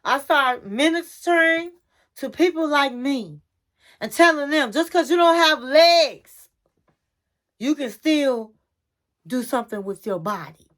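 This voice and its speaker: A grown man tells his comeback story, earnest and reflective, as a woman speaks his part. His delivery is slow and sincere, in a fairly high voice. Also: animated, a bit bright, heavily acted.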